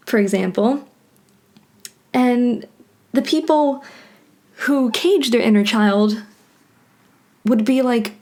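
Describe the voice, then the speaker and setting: A woman's voice: fairly high pitch, takes it slowly, long pauses, darkish tone. A woman rambling passionately and profanely in a solo vlog monologue, now and then acting out other people's voices. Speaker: vlogger.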